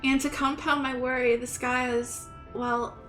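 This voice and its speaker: A woman's voice: high-pitched, flat delivery, a little slow, a bit bright, soft background music. A woman reading out a polite, formal fantasy city attendant's lines from a game, in courteous tones. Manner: formal, courteous read-aloud. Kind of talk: reading game dialogue aloud.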